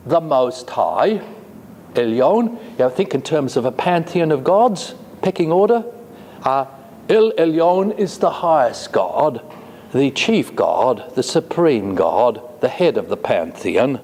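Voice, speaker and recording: Man, classroom lecture, halting delivery, fairly high lively voice, long hall reverb, faint hiss. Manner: deliberate, halting with many fillers; reads Hebrew slowly, then glosses it. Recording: echoey hall with faint noise.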